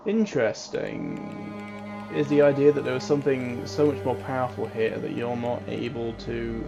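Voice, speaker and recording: A man in a casual tabletop mystery game session, asking curious questions in a relaxed, musing way. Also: medium pitch, normal speed, gravelly. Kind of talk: casual actual-play talk. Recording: dull, slightly lo-fi sound with music.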